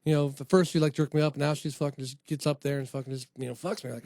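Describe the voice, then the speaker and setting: A man's voice: a little high, fast, hardly any pauses, dark tone, no echo, clean studio sound. A man telling a loose, profane story in casual comedy podcast chat. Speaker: podcast co-host or guest.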